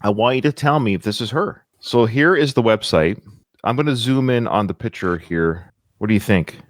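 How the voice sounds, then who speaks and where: A man's voice: lowish voice, expressive, normal speed, dry recording, clean studio sound. A man hosting a casual podcast, chatty and rambling, with frequent filler words. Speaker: podcast host.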